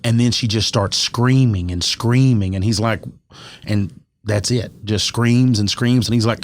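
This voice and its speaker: A man with a low-pitched voice chats casually on a podcast. He retells a strange encounter and acts out the voices of the people in it. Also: unhurried. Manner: animated retelling, acts out quoted lines. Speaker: podcast co-host. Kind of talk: casual storytelling chat.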